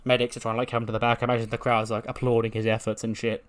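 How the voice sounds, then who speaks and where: A man's voice: medium pitch, monotone, racing. A man casually recapping a wrestling sim game, with plenty of fillers and swearing. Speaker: game channel host. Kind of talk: casual let's-play commentary.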